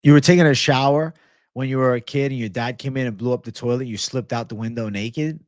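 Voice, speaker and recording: A man's voice: mid-range voice, a little fast, a little mellow, dry recording, studio quality. A man hosting a casual livestream Q&A, ranting with a lot of swearing and answering viewer comments. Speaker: livestream host.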